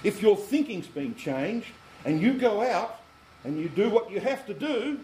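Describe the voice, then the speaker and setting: A male preacher delivering a teaching sermon with a fairly high, very lively voice that swoops up on his rhetorical questions. He works through scripture step by step, checking in with the congregation as he goes. The room is echoey, with a faint air conditioning hum behind him.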